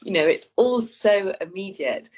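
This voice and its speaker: A woman's voice: mid-range voice, animated, a little slow, a little mellow, husky. A woman co-hosting a podcast in casual chat, earnest and encouraging, speeding up as she lists examples. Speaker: podcast co-host.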